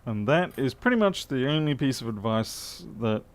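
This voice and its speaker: A man's voice: medium pitch, very animated, normal speed, a little hiss or hum. A man chatting casually and dryly while working, answering viewers' questions. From Australia. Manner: chatty, dry humour, answers chat questions. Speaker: repair streamer. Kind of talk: casual live-stream chat while working.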